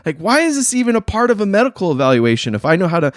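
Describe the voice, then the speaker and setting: A man hosting a casual talk show, talking in slang and acting out other people in quick voices. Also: sits high, big pitch swings, no room sound, studio quality. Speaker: podcast host. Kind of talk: casual chat.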